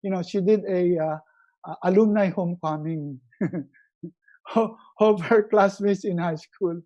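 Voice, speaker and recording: A man's voice: takes it slowly, low-quality recording. Emphatic Filipino man coaching. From Philippines. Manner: emphatic, repeats key words, drops his voice low and soft for emphasis. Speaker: resiliency coach and speaker. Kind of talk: motivational webinar talk.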